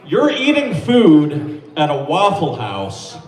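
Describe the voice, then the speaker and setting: A man doing a stand-up set with a deadpan, self-deprecating delivery in a small club. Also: on the high side, takes it slowly, recorded from a distance. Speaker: stand-up comedian. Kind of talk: open-mic stand-up set. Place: small comedy club or bar. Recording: echoey club mic, crowd laughter, from afar.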